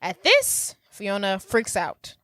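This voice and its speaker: A woman's voice: mid-range voice, huge pitch swings, takes it slowly, sharp tone, dry recording. A woman co-hosting a podcast, casually retelling a movie plot and quoting lines in character. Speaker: podcast co-host. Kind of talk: casual movie recap chat.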